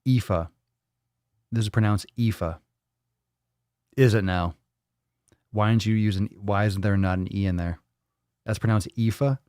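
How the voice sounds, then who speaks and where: Male live-stream host, low voice, dry close sound, rambling profane banter. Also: steady tone, normal speed, pauses often, a little mellow, clean tone, no room sound. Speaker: fitness livestream host. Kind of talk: casual live-stream chat.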